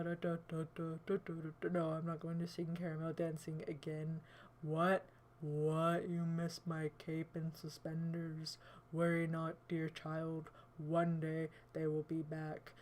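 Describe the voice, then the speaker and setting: A woman livestream host putting on a deep man voice while chatting jokingly with her viewers. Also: slight background noise. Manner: slow, drawling, jokey and theatrical. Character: put-on deep man voice, playful.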